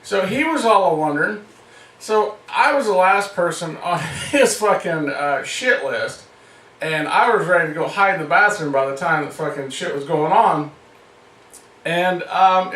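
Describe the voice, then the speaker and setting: High-voiced man telling a profane story. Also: a bit bright, reverberant, far from the mic, poor audio. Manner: profane, laughing often. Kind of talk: casual comic storytelling.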